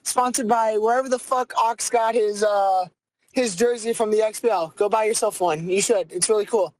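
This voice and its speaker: A young adult podcast host, telling a story in a profane, ranting, animated way. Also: mid-range voice, normal speed, dry recording, poor audio. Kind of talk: casual comedic storytelling.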